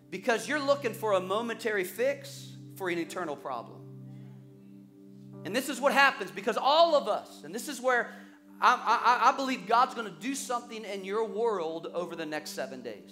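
A male pastor preaching a sermon, telling stories with lively acted-out quotes and quick repetitions. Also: sits high, faint music behind. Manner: animated storytelling, acts out quoted voices; repeats words when excited.

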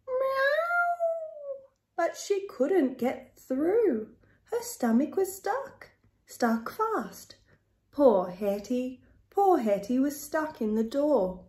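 A woman reads a children's picture book aloud, slow and rhythmic. Her slightly high voice rises and falls a lot. The recording has a roomy echo. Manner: slow, expressive, rhythmic reading. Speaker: storyteller. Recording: echoey room.

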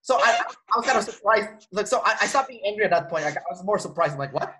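A man's voice: high voice, fast, noisy background. A man being interviewed, telling a personal story in casual conversation and acting out the lines of the people in it. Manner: animated, acts out quoted dialogue, frequent restarts. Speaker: interview guest.

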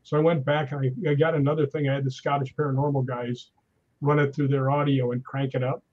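In a casual chat, a male guest tells animated ghost-hunting anecdotes, acting out what people said. He talks fast at a medium pitch, and the audio sounds dull.

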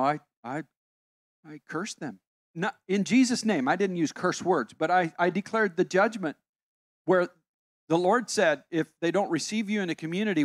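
A man's voice: on the high side, no room sound, studio quality. A man in his sixties, a pastor giving a conversational, emphatic sermon with personal stories. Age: 60s. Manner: conversational, emphatic, self-interrupting.

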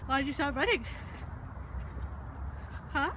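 A woman's voice: high-pitched, sing-song, very slow, pushed and bright, a little hiss or hum, rough recording. A young woman in her twenties chatting casually to the camera as a vlogger, giggly and chatty while she is out and about. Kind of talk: casual vlog chat. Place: in a car and outdoors in a park. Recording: music playing behind.

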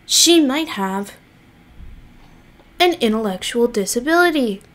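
A woman's voice: fairly high pitch, animated, slow pace. A woman giving blunt, exasperated, swear-filled commentary on recorded call clips. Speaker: commentary YouTuber.

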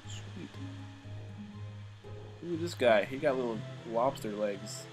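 A man's voice: medium pitch, expressive, slow pace, over music, poor audio. A man playing a game, reading its text aloud with casual, joking commentary and the odd swear. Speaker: gamer.

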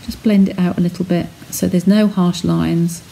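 A woman's voice: on the low side, fairly even intonation, normal speed, creaky, dark tone, a little hiss or hum. A woman chatting as she talks viewers through a craft technique step by step on a live stream from her home studio. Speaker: craft demonstrator.

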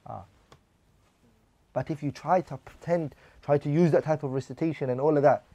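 A man's voice: fairly high pitch, moderate pace, dark tone, no echo. A man teaching a religious class, reading lines of Arabic text and then explaining them in English while putting questions to his listeners.

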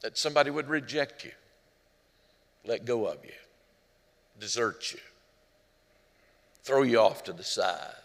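A male pastor preaching a sermon in a church, speaking earnestly, rising loud on quoted cries and dropping low and hushed at tender moments. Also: animated, a little slow, gravelly, pauses often. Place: church sanctuary. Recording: long hall reverb.

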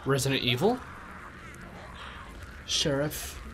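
A man reacting casually to game trailers, profane, excitable and joking. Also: medium pitch, takes it slowly, noisy background. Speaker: gaming video reactor. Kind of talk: casual live reaction commentary.

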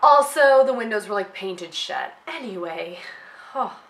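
A woman vlogging casually from her home office, rambling and digressing, her voice deep and nasal from a cold. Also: animated, measured pace, fairly bright tone, poor audio. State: congested from a cold. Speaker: blogger. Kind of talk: casual rambling vlog chat. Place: home office with windows open.

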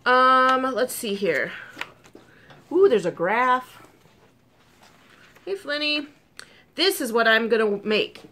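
A woman vlogger chatting casually about crochet projects, gushing and excitable with frequent ums, talking with a sore burnt tongue. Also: a little high, slow pace, long pauses. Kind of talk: casual chat.

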